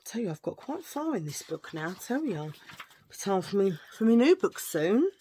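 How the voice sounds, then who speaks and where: A middle-aged woman chatting casually to camera as a vlogger, playful and prone to hushed asides. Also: medium pitch, sing-song, moderate pace, slight background noise.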